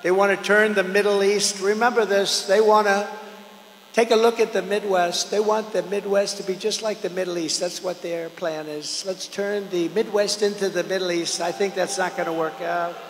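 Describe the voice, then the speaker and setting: An older man giving a campaign rally speech, rambling and repetitive, swinging between loud declarations and low asides. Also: fairly even intonation, normal speed, a little hiss or hum. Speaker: political candidate at a rally. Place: large outdoor or arena rally. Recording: echoey hall with long reverb.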